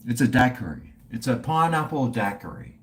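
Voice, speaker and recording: A man's voice: medium pitch, very animated, normal speed. A middle-aged man with an Australian accent, chatting casually and profanely with livestream viewers while drinking. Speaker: livestream host.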